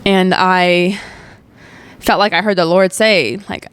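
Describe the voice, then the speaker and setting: A woman's voice: lowish voice, fairly even intonation, takes it slowly, a bit bright, clear, resonant tone, no echo. A young woman in her twenties hosting a podcast, telling a personal faith testimony in a candid, emotional way with lots of "like" fillers. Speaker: podcast host.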